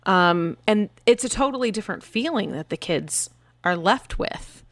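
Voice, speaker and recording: A woman's voice: medium pitch, lively intonation, normal speed, fairly bright tone, no echo, clean studio sound. A woman in her thirties, co-hosting a podcast in casual, earnest parenting talk, telling stories and acting out her children's voices. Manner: earnest, storytelling, acts out her kids' voices. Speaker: podcast co-host.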